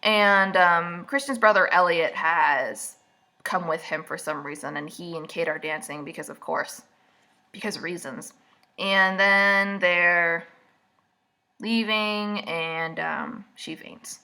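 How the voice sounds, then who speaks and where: A woman's voice: fairly low pitch, takes it slowly, sharp tone. A woman recapping a book in a casual, rambling way, full of snarky, mocking asides. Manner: casual and rambling, with many fillers. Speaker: vlogger.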